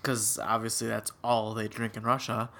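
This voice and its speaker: A man's voice: fairly low pitch, monotone, moderate pace, gravelly, pushed and bright. A man co-hosting a podcast, chatting casually about a movie with jokes and many fillers. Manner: jokey, hesitant, many fillers. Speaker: podcast co-host. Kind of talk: casual movie recap chat.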